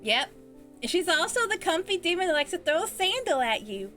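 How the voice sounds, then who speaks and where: A woman's voice: very high-pitched, sing-song, fairly quick, pushed and bright, soft background music. A woman hosting a casual livestream interview, sappy and heartfelt, laughing often.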